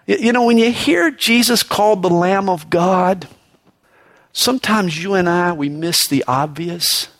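With a fairly bright tone, this preacher keeps his sermon conversational and sprinkles in "you know" frequently. He turns up the volume to stress points, then drops low and slow when things grow solemn.

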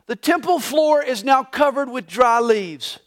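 A pastor preaching a live Sunday sermon in a church, telling the story dramatically and swinging between hushed and loud passages. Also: male voice, extremely high pitch, expressive, unhurried, faint music behind. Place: church sanctuary during a live Sunday service.

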